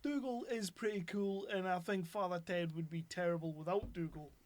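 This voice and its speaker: Man, podcast host, casual sweary rant, high voice, dry close recording. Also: normal speed, a little mellow, no room sound. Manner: blunt, sweary, ranting. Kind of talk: casual chat.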